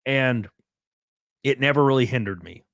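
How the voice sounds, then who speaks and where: A man's voice: mid-range voice, animated, moderate pace, gravelly, a bit bright, no room sound, studio quality. Laid-back Southern-drawling male streamer. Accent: Southern US rural. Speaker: streamer reading super chats. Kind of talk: casual livestream chat.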